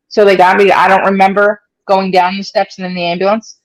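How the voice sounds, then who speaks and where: A stroke survivor in her forties tells her story in an interview, her mid-range voice steady and moderately paced over a low-quality recording. It's a chatty account, thick with fillers, where she voices the people she quotes.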